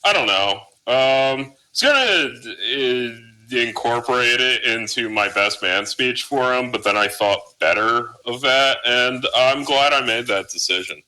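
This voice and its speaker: A man's voice: mid-range voice, measured pace, pushed and bright, poor audio. A man in his thirties co-hosting a podcast in casual chat, rambling and profane with lots of filler words. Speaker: podcast co-host.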